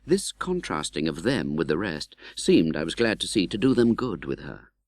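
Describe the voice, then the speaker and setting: Expressive male audiobook narrator. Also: sits low, moderate pace, no echo. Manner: expressive, dramatic, voices the hero's pleas. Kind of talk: scripted narration.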